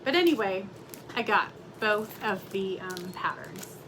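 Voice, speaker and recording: A woman's voice: medium pitch, lively intonation, measured pace, noisy background. A middle-aged woman, chatting casually and rambling with lots of fillers as she shows her stitching projects from her craft room at home. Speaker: cross-stitch vlogger. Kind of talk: casual chat.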